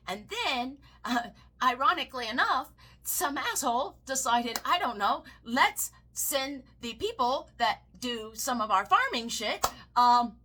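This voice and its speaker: Southern lady cussing thru a political rant, bright voice, slow and drawn out. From American South. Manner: heated, swearing, swings into high mocking shrieks. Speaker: political commentator. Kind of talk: profane ranting commentary.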